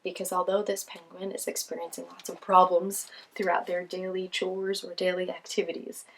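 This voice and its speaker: A woman's voice: fairly low pitch, completely flat delivery, normal speed. A woman hosting a children's show, reading picture books aloud in a cheerful, sing-song way with frequent laughs.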